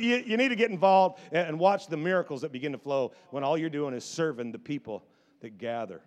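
A man preaching a sermon as pastor, animated and jokey, swinging from hushed asides to excited shouts. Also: fairly high pitch, brisk.

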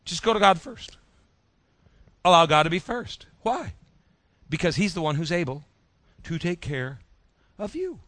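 A man preaching a sermon as pastor, in a rhythmic style that drops soft at phrase ends and leads the congregation in repeating lines. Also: high voice, big pitch swings, unhurried, pauses often, no echo. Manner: leads congregation in call-and-response.

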